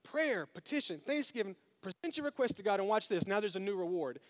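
A man's voice: sits high, very animated, brisk. A man preaching a sermon as pastor, telling a story with humor and speaking straight to his congregation. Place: church sanctuary.

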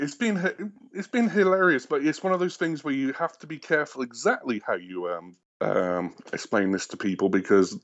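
A man's voice: on the low side, dry recording. Laughing man on a dull, dry line. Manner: laughs often, rambling with restarts. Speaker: game developer. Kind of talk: casual team meeting update.

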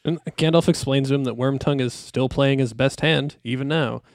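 A man's voice: mid-range voice, fairly quick, no room sound, clean studio sound. A man co-hosting a casual podcast, summarizing a story matter-of-factly. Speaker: podcast co-host. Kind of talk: casual chat, narrating.

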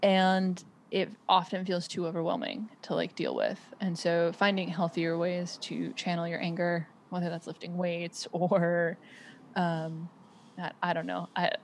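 A woman's voice: on the low side, flat delivery, a little slow, gravelly, slight background noise. A woman who is a parent and a podcast guest, talking reflectively in casual conversation, with lots of "um" and "like" and frequent restarts. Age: adult with children.

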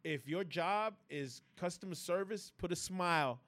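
A man's voice: high voice, unhurried, fairly bright tone, no echo. A man on a casual podcast, ranting emphatically with lots of profanity and stammered restarts. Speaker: podcast co-host.

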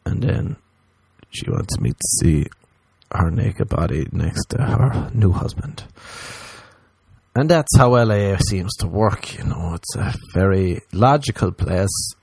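An Irish man doing stand-up comedy, rambling through profane stories and mocking people in put-on high voices. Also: expressive, takes it slowly, creaky, a little mellow, slightly rough, no echo. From Ireland.

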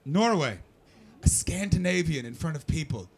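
This stand-up comic has a gravelly, higher-than-average voice at normal speed, with a noisy background. Working a small cellar club, he tells profane, animated stories and teases the crowd brashly.

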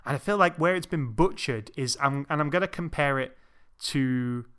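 A man co-hosting a casual film podcast, speaking in a measured way and hedging his points with ums. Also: fairly high pitch, fairly bright tone, smooth. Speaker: podcast co-host.

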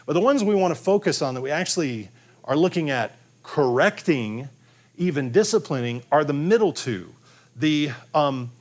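A man preaching a conversational sermon on raising children, often restarting his sentences and acting out the cries of children. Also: fairly high pitch. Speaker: pastor.

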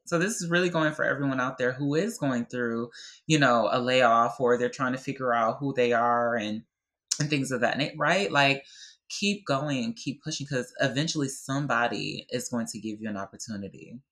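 A woman's voice: a bass voice, moderate pace, a bit bright, low-quality recording. A young adult woman speaking with passion and conviction as a podcast guest, often checking in with "right?". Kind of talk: heartfelt podcast conversation.

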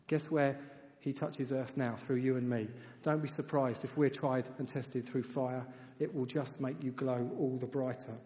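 A man preaching a sermon in a lively, conversational way, dropping to soft, emphatic tones for key points. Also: a little high. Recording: reverberant hall.

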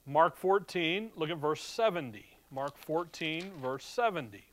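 A man's voice: a little high, animated, measured pace, hardly any pauses. A middle-aged man as a pastor, preaching in a conversational way and reading scripture aloud to his church. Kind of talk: sermon.

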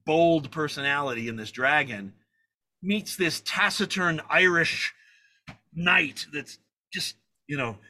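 A man telling a story in a conversation, animated and profane, acting out the people he talks about. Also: on the high side, takes it slowly. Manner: animated, profane, acts out the people in his stories. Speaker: guest filmmaker.

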